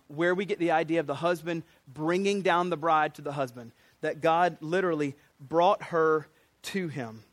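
A man's voice: fairly high pitch, no room sound. A man preaching a sermon as pastor, conversational and plain-spoken.

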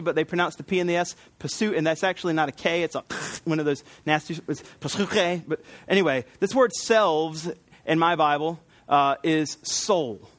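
Chatty preacher with a higher male voice. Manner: chatty, storytelling, with quick asides and laughs. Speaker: pastor. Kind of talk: conversational sermon.

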